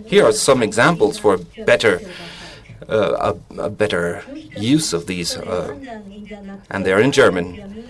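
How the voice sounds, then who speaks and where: A man, an author, giving a reflective spoken essay in a deliberate, musing way with small restarts. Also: lowish voice, crowd noise. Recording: audience noise in the room.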